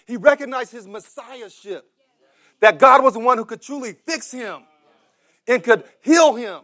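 A man preaching a sermon who acts out the voices of beggars and crowds, repeats words and builds up to shouted cries. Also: very high voice, normal speed.

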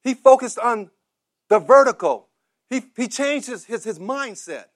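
A man preaching a sermon who acts out the voices of beggars and crowds, repeats words and builds up to shouted cries. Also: very high-pitched, lively intonation, unhurried.

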